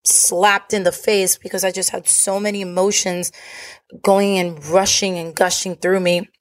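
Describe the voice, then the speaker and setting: A woman's voice: lowish voice, flat delivery, unhurried. A woman hosting a podcast, telling a personal story in a candid, profane, confessional way. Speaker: podcast host.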